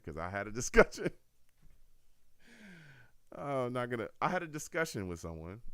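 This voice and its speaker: A man hosts a fan call-in show with a very low, deep voice. He talks to listeners in an animated, repetitive way. The sound is dry and close, with no room echo. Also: clean tone. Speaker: host of a fan radio show. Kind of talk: casual call-in show talk.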